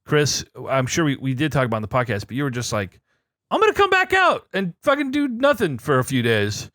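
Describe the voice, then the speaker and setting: A man hosting a casual gaming podcast, bantering loudly with friends and swearing freely. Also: mid-range voice, very animated, fast, no room sound, studio quality. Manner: loud, laughing, swearing banter. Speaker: podcast host.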